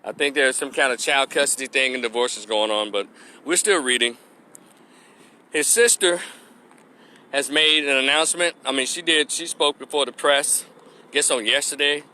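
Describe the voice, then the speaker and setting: Blunt, profane and mocking, this man rants his views straight into the camera as a commentary vlogger, imitating people in exaggerated voices. His voice is mid-range with a sharp tone and a normal speed.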